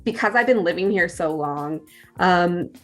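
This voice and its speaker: A woman with a Californian accent talks in a low, easy voice, filling her sentences with ums and restarts. She explains things like a teacher in a relaxed conversation. Faint music plays behind her. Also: a little slow. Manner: chatty, many fillers and restarts. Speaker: guest teacher. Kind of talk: casual conversation.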